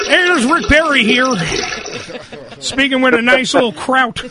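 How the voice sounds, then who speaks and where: A man's voice: extremely high pitch, unhurried, very noisy. A man doing an impression of a boastful, rambling Texan politician. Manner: rambling, outrageous. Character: boastful Texan politician, male, middle-aged.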